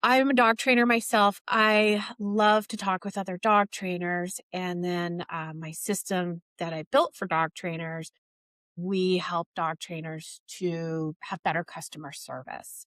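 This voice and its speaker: A woman hosting a podcast, chatty and enthusiastic, often pausing on fillers as she introduces her guest. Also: on the low side, steady tone, a bit bright, no echo, studio quality. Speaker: podcast host, dog trainer. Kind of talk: casual interview chat.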